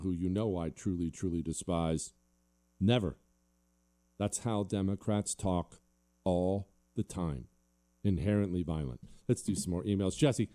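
A man's voice: low voice, warm tone. A male talk show host delivering a combative, sarcastic monologue and reading listener emails.

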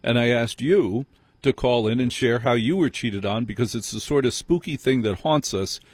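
A man hosting a late-night call-in radio program in a relaxed, conversational way, cutting in on callers to frame the topic. His voice is a bit husky and mid-pitched. The studio sound is dry and close. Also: normal speed, no echo. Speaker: late-night radio talk show host.

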